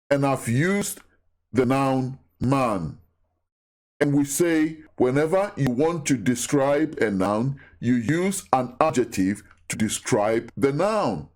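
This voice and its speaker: A man giving a recorded Bible teaching, who talks deliberately, repeats key phrases and asks his listeners questions. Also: mid-range voice, lively intonation, darkish tone.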